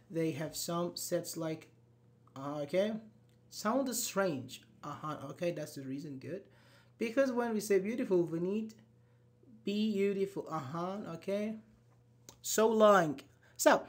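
A man teacher leads a live English grammar lesson. He keeps the students involved with quick questions, uh-huhs and short praise, and he spells out examples letter by letter. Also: high-pitched, a bit bright.

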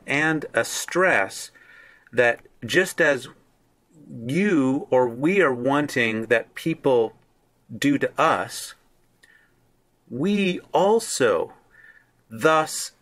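A man teaching a lesson on a Greek Bible verse, explaining the text word by word in a deliberate way. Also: mid-range voice, sharp tone. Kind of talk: screen-share Greek lesson.

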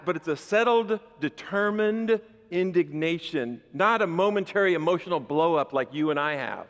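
Animated preacher man in a reverberant hall. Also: high-pitched. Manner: animated, switches between calm teaching and loud emphatic bursts. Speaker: pastor. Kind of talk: sermon.

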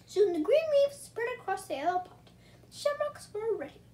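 A woman's voice: extremely high pitch, sing-song, moderate pace, dark tone. A woman reading a children's picture book aloud, with chatty asides to her cat between pages, and faint background noise. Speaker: storybook reader.

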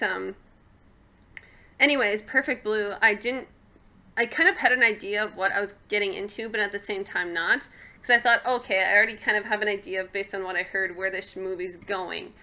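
Bright-voiced chatty young woman. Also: medium pitch, fairly even intonation, normal speed. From Canada. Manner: chatty, laughs often, trails off mid-sentence. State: hiccuping. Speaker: podcast co-host. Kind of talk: casual chat.

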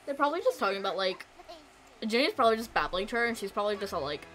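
A woman's voice: medium pitch, big pitch swings, rapid-fire, a bit bright. A young woman streaming a life-simulation game, chatting casually to her viewers and coaxing her characters along. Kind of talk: casual gameplay commentary.

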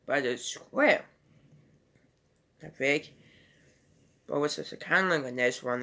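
Slow, rambling male movie reviewer. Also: medium pitch, pushed and bright. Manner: rambling, loosely strung retelling. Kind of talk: casual home video review.

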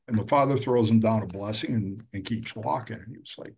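A middle-aged man, a recovery counselor, talking earnestly and with feeling, with some halting fillers. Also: on the low side, slightly rough. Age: middle-aged or older. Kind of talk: conversational storytelling.

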